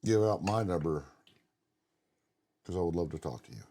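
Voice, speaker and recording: A man's voice: deep voice, expressive, moderate pace, dark tone, a little hiss or hum. A middle-aged man co-hosting a podcast, telling long personal stories in a blunt, casual way and swearing freely. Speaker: podcast co-host. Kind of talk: casual conversation.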